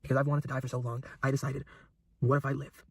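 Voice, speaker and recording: A man's voice: medium pitch, level tone, quick pace, vocal fry, breathy edge, no room sound. A young man giving an emotional, intense motivational monologue, repeating phrases for emphasis. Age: young adult. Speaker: YouTuber.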